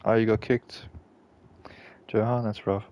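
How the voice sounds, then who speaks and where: Low gravelly guy chatting over gameplay, swears a lot, mutters to himself. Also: level tone, unhurried, highs cut off. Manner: laid-back, swears casually, muttering to himself while playing. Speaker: gaming channel host. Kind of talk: casual gameplay commentary.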